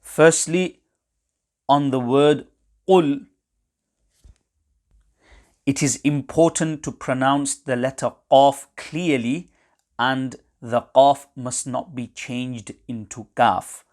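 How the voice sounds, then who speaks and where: Man, recitation teacher, slow lesson, measured, precise, mid-pitched. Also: fairly even intonation, darkish tone. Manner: measured and precise, pausing between phrases. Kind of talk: slow, deliberate instructional explanation.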